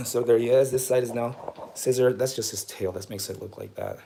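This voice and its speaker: A man's voice: mid-range voice, moderate pace, creaky, a bit bright, echoey room. A man, a dog groomer, chatting casually while he grooms, rambling and poking fun at himself, laughing at his own jokes.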